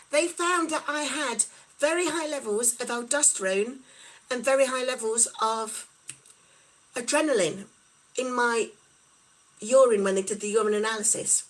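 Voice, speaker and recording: A woman's voice: on the high side, moderate pace, long pauses, poor audio. Chatty British woman livestreaming. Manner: chatty, reads out viewer comments and replies warmly. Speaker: livestream host. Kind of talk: casual livestream chat.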